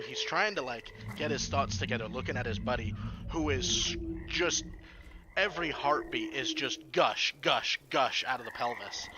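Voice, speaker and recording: A man's voice: medium pitch, background noise. A man narrating as game master of a tabletop game, hesitant, with many fillers.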